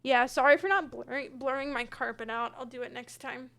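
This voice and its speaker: A woman's voice: high voice, steady tone, brisk, creaky, fairly bright tone, soft background music. A young woman streaming a game from her room, chatting casually, hedging her answers and replying to viewers by name. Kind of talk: casual gameplay chat, reading chat. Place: home room with her cat.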